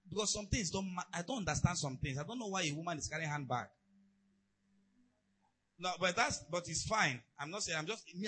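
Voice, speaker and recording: A man preaching a sermon, telling stories and asides in an animated way. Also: fairly high pitch, slight background noise, low-quality recording. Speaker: pastor.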